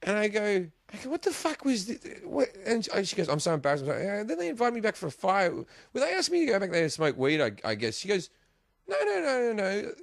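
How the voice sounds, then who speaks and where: A man's voice: sits high, wildly swooping pitch, fast talker, creaky, dry recording, studio quality. A man in his forties with an Australian accent, a comedian telling a crude, sweary story in a casual podcast chat. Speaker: comedian guest.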